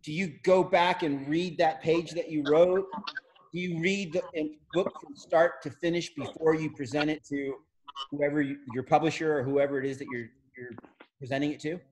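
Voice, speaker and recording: A man's voice: a little high, fairly even intonation, normal speed, darkish tone, a little hiss or hum. A man hosting a casual group video call, asking easygoing questions and laughing along. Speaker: podcast host.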